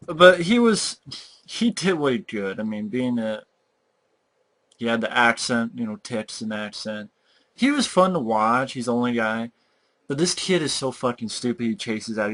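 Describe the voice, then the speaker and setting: A young man with a mid-range, slightly bright voice rants about a movie as a reviewer. He's exasperated and mocking, and he swears heavily throughout this profane rant.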